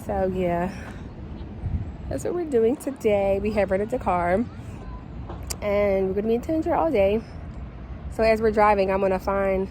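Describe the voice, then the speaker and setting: A woman talking casually to her phone camera in a vlog, excitable and chatty, full of fillers. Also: mid-range voice, unhurried, long pauses, low-quality recording. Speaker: vlogger. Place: outdoors, then a station café and shops. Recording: outdoor noise behind the voice.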